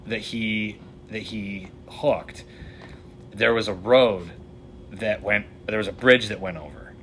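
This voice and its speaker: A man tells a long fishing story at a relaxed pace, full of fillers and side turns. His voice sits fairly low but sounds bright and forward. Faint noise hums underneath. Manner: rambling and lively, with many "like" fillers. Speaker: fly fishing guide and shop owner. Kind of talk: casual storytelling in a podcast interview.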